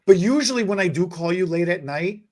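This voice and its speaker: A man hosting a podcast, telling a story in a casual, animated, rambling way. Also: sits high, fairly quick. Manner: animated, rambling, many fillers and restarts. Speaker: podcast host.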